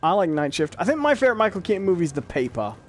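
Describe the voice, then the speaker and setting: A man co-hosting a casual pop-culture podcast, telling stories in a relaxed way with fillers. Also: high voice, racing, a little hiss or hum. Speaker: podcast co-host.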